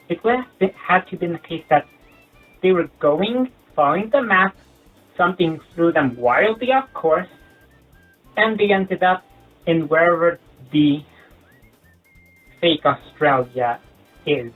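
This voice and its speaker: A comedy youtuber rambling through a sarcastic, animated monologue. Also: mid-range voice, measured pace, pauses often. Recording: tinny lo-fi sound with faint music.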